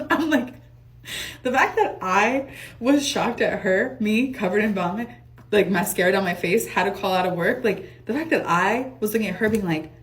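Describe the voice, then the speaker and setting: A young woman telling a storytime monologue in a fast, animated, casual way, swearing and laughing often. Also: mid-range voice.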